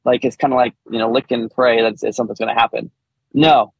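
Gravelly man telling a candid story. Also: medium pitch, fairly even intonation, fast, dry recording, dull audio. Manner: candid, laughs often, many restarts. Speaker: podcast guest.

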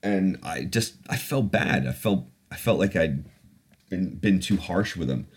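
A man's voice: deep voice, expressive, a little slow, husky. A man hosting a podcast, telling a personal story in a candid, profane, reflective way. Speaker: podcast host. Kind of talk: casual storytelling.

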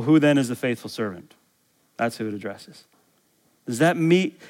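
A man who is a pastor, preaching a sermon in an emphatic way, reading scripture aloud and putting questions to his listeners. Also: a little high. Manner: emphatic, rising to excited exclamations.

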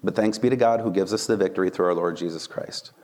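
A man preaching a casual sermon, conversational and animated, often checking in with the listeners with "right?" and "okay?". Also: low-pitched, quick pace. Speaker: preacher and Bible teacher.

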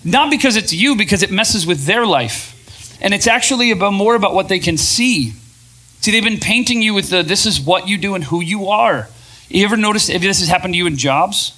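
A man hosting a podcast and speaking to a live audience in an energetic, conversational way, often asking the crowd questions. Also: sits high, a little fast. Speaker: podcast host and speaker, former pastor. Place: event venue with a live audience.

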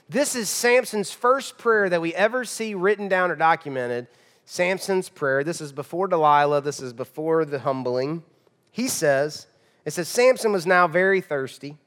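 Pastor preaching in a reverberant church. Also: male voice, sits high. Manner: conversational, emphatic, shifts between loud and hushed. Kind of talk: sermon.

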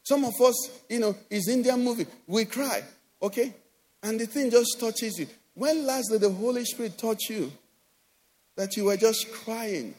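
A man with a Nigerian accent preaching a sermon as pastor, animated, acting out quoted voices and often asking "do you understand?". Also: high voice, a little slow. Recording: long hall reverb.

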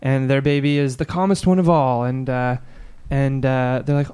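Smooth-voiced man telling a halting joke. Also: mid-range voice, steady tone, dark tone. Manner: halting, lots of uh fillers. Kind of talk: casual joke-telling chat.

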